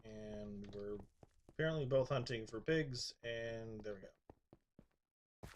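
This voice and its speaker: A man's voice: lowish voice, slow, slight background noise. A man chatting casually as he streams a game, laughing often and grumbling at it. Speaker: gaming streamer. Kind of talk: casual live-stream commentary.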